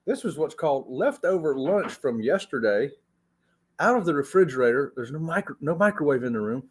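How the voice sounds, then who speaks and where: Husky, lively man hosting a livestream. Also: a little high, fairly quick. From Florida. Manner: chatty, laughing, calls viewers y'all. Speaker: travel channel host. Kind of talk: casual livestream chat. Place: hotel room.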